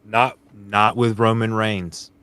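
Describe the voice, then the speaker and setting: Low-voiced man with dry sarcasm. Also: little pitch movement, slow, sharp tone, smooth, no room sound. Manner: blunt, dry sarcastic quips. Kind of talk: casual wrestling chat.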